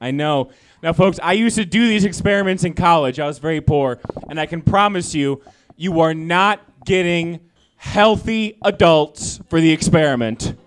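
A man performing a stand-up comedy set, self-deprecating and animated. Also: a little high, normal speed, clear, resonant tone.

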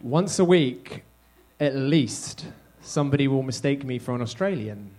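An English man performing stand-up comedy, chatting to the crowd in a loose, conversational way. His delivery is punchy and self-deprecating, and his voice is of ordinary pitch for a man. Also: animated, a little slow, darkish tone, soft background music. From England.

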